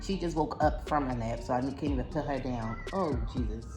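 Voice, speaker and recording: A woman's voice: very deep voice, fairly quick, music in the background. A young woman vlogging at home, venting in a casual, exasperated way to her viewers while upset and near tears. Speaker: vlogger, mother. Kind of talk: casual vlog talk to camera. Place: home, indoors.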